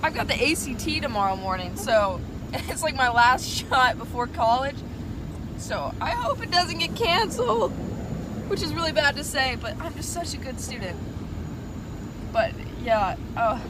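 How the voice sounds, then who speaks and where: Giggly teen girl vlogging on a handheld cam, high bouncy voice, lots of background noise. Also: normal speed. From Atlanta, Georgia. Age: late teens. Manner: excitable, giggly, chatty. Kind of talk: casual vlog. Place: outdoors in snow and in a car.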